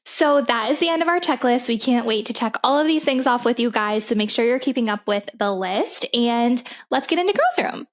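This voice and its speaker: A woman's voice: fairly high pitch, lively intonation, fairly quick, hardly any pauses. A young adult woman co-hosting a casual podcast, chatty and giggly as she reads out listener submissions. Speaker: podcast co-host. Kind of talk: casual chat.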